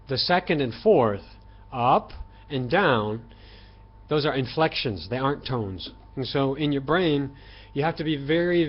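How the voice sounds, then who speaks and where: Slow, emphatic man teaching on a dull recording. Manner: slow, emphatic, with throat clearing and fillers; voices tones with sudden loud highs and quiet lows. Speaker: language teacher. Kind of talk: opinionated online lesson.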